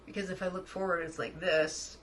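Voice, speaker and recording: A woman chatting excitedly through a makeup tutorial, often dropping to a soft murmur as she works. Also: lowish voice, brisk, a little hiss or hum, low-quality recording. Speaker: makeup vlogger. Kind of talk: casual makeup tutorial chat.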